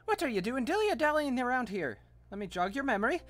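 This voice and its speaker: A man's voice: extremely high pitch, sing-song, fast, fairly bright tone, no room sound, soft background music, heavily acted. A man voicing a flamboyant older noblewoman who fusses over her son in a grand, theatrical way. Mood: haughty.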